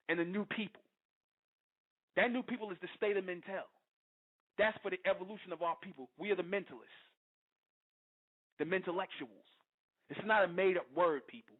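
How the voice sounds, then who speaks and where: A radio show host with a high male voice launches into a hard-hitting, sermon-like rant, an impassioned preaching monologue. He is emphatic and confrontational, profane and repetitive, constantly asking "you understand?" The audio has a tinny, phone-line quality.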